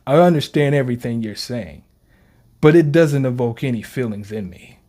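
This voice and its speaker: A man reading the lines of an arrogant, cold male demon king from a manga, in a flat, dismissive delivery. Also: mid-range voice, normal speed, close to an everyday voice.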